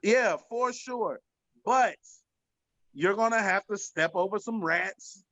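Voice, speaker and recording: A man from the American South trading comedic rants on a panel, animated and laughing, rising to shouts to make a point. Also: sits high, slow, no room sound, highs cut off. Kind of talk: casual comedic banter.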